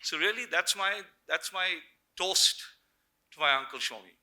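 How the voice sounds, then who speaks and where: A man's voice: high-pitched, moderate pace, rough recording. A middle-aged man giving a personal tribute speech at a memorial gathering, telling anecdotes and quoting the voices of people he remembers. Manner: anecdotal, warm storytelling with quoted voices. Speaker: memorial speaker. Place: memorial gathering before an audience.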